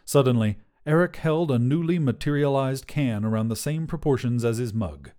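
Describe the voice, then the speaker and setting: A man narrating a short fiction podcast in a measured, scripted way. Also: mid-range voice, expressive, warm tone.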